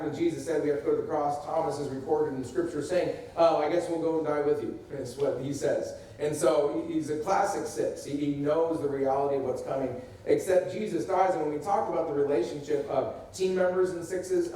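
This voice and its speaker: A man's voice: on the high side, mellow, slight background noise. A man preaching a sermon as pastor, talking conversationally and acting out the quotes he discusses. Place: church sanctuary. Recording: echoey room heard from a distance.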